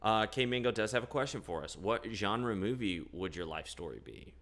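A man's voice: on the low side, expressive, moderate pace, fairly bright tone. A man from the US Midwest, co-hosting a film podcast in loose, casual chat and steering the segment. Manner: laid-back, runs the segment. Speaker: podcast co-host.

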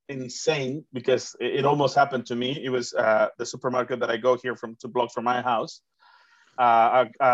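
A man's voice: medium pitch, no echo. Rambling man on a muffled call. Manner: rambling, frequent restarts and fillers. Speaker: interview host. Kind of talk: casual conversational interview.

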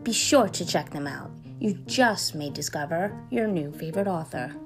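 A middle-aged woman hosts a podcast in a relaxed, chatty way. Her voice is slightly husky and stuffy, as if she were coming down with a cold, and it swings lively up and down in pitch. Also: normal speed, over music. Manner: chatty, laughs easily, self-deprecating. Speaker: podcast host. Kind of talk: casual interview chat.

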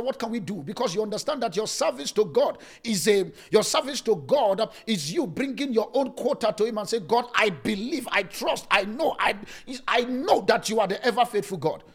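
A man preaching as a pastor, swinging between loud and soft, with sudden rises and drops in pitch. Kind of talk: sermon.

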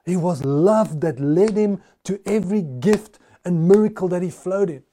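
A man's voice: sits high, normal speed, warm tone, slight background noise. A male pastor preaching a sermon, telling stories in a conversational way with frequent restarts.

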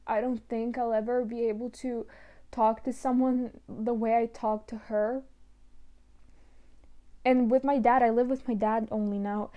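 A young woman talking in a personal monologue, emotional and halting, close to tears at times. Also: on the high side, level tone, dull audio.

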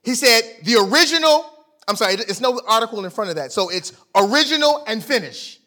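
Male preacher, high bright voice, emphatic sermon delivery with big dynamic swings. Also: lively intonation, brisk. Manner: emphatic, swings from loud to quiet; conversational, illustrates with sports stories.

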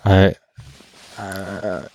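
A man's voice: low-pitched, level tone, very slow, darkish tone, dry recording. A man hosting a casual podcast, teasing his co-host and explaining things at length. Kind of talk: casual chat. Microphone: studio mic with monitor headphones.

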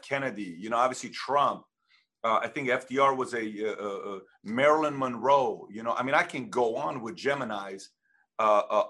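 A man hosting a casual interview, halting and repeating words with many uhs. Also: mid-range voice, pushed and bright, husky. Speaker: podcast host.

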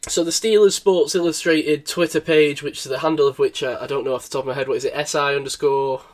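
A man's voice: fairly high pitch, steady tone, fast. A man hosting a casual podcast chat, upbeat and teasing his co-host.

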